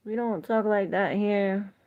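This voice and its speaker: A woman's voice: mid-range voice, measured pace, narrow, tinny audio. A woman giving a live tarot reading, chatting with viewers, reading their comments aloud and laughing often. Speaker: tarot reader.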